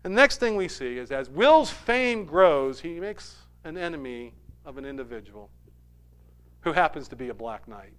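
A man retelling a movie story in an animated sermon style, swinging between loud bursts and hushed asides. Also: a little high, moderate pace, clean tone. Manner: animated retelling with sudden soft drops.

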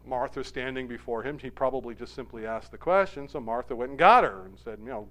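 A man preaching a sermon, rising to loud emphatic peaks and dropping to quiet, soft asides, acting out quoted lines with feeling. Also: mid-range voice, brisk.

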